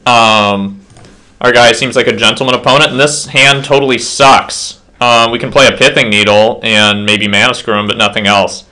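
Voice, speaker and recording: A man's voice: mid-range voice, steady tone, moderate pace, sharp tone. A slightly tipsy man casually commentating his own card game match at home, rambling with self-deprecating asides.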